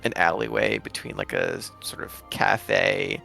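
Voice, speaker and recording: Male game master, gravelly voice, ums and restarts as he narrates, faint music behind. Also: sits low, wildly swooping pitch, bright, forceful tone. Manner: halting, full of fillers and self-corrections.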